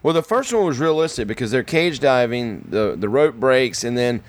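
A man's voice: mid-range voice, animated, normal speed. Man rambling about movies. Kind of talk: casual movie chat.

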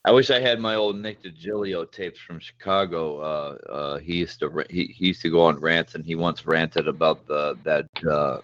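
Deep voiced guy stumbling over his words, dry lo-fi audio. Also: steady tone, a bit bright. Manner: halting, full of fillers and restarts. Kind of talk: casual chat.

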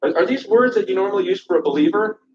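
High-voiced man preaching an urgent sermon. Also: expressive, fast talker. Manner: impassioned, urgent preaching with repeated restarts. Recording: echoey, distant, dull church recording.

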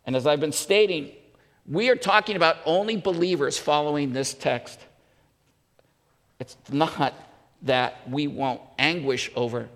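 A male pastor preaching earnestly, pressing his points with repeated questions. His voice sits high, with a gravelly edge and a bright tone. A long echo from the church hall trails each phrase. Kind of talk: sermon.

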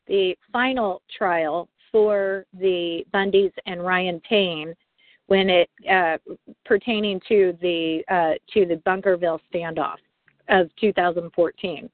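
A woman rancher calls in as a guest on a talk radio show, speaking hesitantly with plenty of fillers. Her pitch sits in the middle of the range. The sound is dry and tinny, as over a phone line. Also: dry recording. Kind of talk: phone-in interview.

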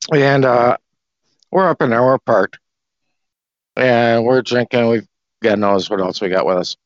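A man on a group call, rambling loosely through an explanation and a story, clearing his throat now and then. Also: medium pitch, slow pace, pauses often, dry recording. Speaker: discussion group participant. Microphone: call audio. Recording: dry, dull lo-fi call audio.

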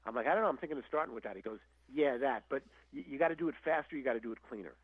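Older man, animated storyteller, husky voice, dull lo-fi sound. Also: mid-range voice, very fast, dry recording. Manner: animated storyteller, acts out quotes, frequent restarts. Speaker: guest musician. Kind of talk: casual storytelling interview. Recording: dull lo-fi audio.

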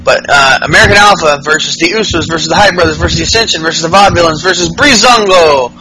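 A man's voice: a little high, fast talker, background noise. A man hosting a podcast, giving a casual, rambling and profane recap of wrestling shows, full of fillers. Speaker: podcast host.

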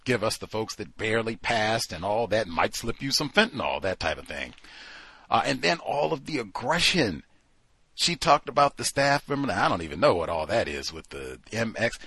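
A man hosting a talk show in a loose, conversational way, sometimes acting out other people's voices. His voice is husky with a bright edge, and his pitch swings widely. The sound is dry and close. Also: moderate pace, no echo. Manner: animated, acts out quoted voices. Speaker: podcast host. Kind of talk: casual commentary.

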